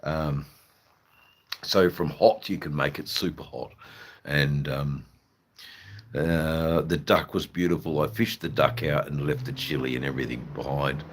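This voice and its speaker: Very deep-voiced Australian man rambling. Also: steady tone, unhurried, breathy edge. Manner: hesitant, full of fillers and restarts, blunt and swearing. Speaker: livestream host. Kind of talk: rambling live-stream chat.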